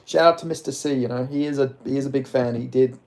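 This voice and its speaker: Male streamer, mumbly, rambling, casual, phone mic, middle pitch. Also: steady tone, quick pace, darkish tone. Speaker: livestreamer reading chat. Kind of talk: casual live stream chat. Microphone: phone set down a bit.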